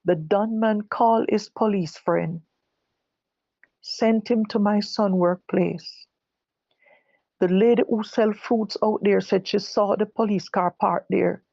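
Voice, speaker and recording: A middle-aged woman with a Jamaican accent gives a personal testimony, stumbling and restarting as she speaks. Her voice is gravelly and set close and dry. The recording sounds dull and lo-fi. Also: on the low side, a little mellow, no echo. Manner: halting, self-correcting storytelling with repeated words. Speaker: bereaved mother giving testimony.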